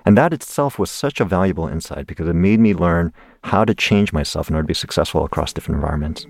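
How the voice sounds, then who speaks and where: A man's voice: sits low, animated, fast, creaky, a little mellow. A man in his forties from the United States, a guest in an interview telling a personal story animatedly and laughing along the way.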